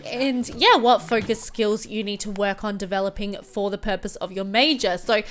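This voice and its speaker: A woman's voice: mid-range voice, fairly even intonation, moderate pace, fairly bright tone. A young woman casually commenting on her gameplay, chatty and often giggling. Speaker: gameplay video host.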